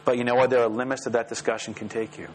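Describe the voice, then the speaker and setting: A man preaching a sermon as pastor, lively and rising sharply in pitch when he voices the prayers. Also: rapid-fire, low-quality recording. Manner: animated, rises sharply when voicing prayers. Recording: faint mains hum.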